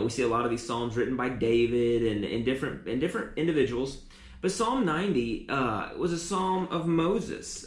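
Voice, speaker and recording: A man's voice: mid-range voice, roomy sound. A man preaching a teaching sermon, often repeating and restarting words.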